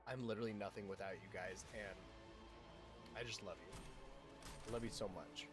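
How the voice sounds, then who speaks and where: Excitable streamer chatting with his viewers. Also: lowish voice, moderate pace, music in the background. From Utah, US. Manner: excitable, affectionate, talks to chat. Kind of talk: casual gameplay livestream chat.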